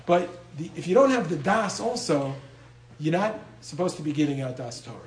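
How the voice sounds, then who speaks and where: A man's voice: on the high side, expressive, fairly quick, roomy sound, slight background noise, low-quality recording. A man giving an informal Torah lecture, talking conversationally and often repeating his words, with Hebrew and Yiddish terms mixed in. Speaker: lecturer on Jewish law and medical ethics.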